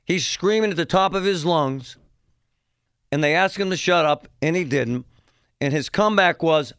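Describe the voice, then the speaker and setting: A man with a gravelly, fairly high voice tells a story as a talk host. His delivery is animated and mocking, with bursts of mimicry. The sound is dry and close. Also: moderate pace, no room sound. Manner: animated, mocking, impersonates yelling parents. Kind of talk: storytelling monologue.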